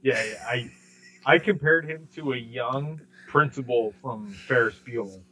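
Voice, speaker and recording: A man, co-hosting a sports podcast in casual chat, animated and mimicking people in quick bursts. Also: mid-range voice. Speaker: podcast co-host. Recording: slightly dull lo-fi sound.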